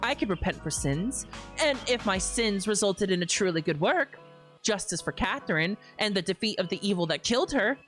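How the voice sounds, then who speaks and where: A young adult woman streaming a game, reading the narration steadily between loud, laughing, swearing reactions. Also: mid-range voice, animated, moderate pace, faint music behind.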